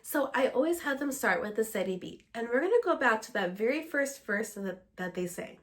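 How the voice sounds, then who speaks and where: Woman, music teacher, steady explanatory delivery, fairly high voice, a little under the weather. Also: fairly quick. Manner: explanatory, steady, breaks into short sung examples.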